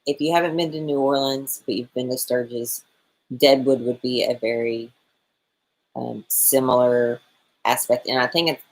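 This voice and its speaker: Brief: woman, 40s, very deep-pitched, chatty livestream co-host who walks viewers through steps. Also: fairly even intonation, moderate pace, darkish tone. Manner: chatty, apologetic, gives step-by-step instructions. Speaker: co-host of a motorcycle channel livestream. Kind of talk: casual livestream chat.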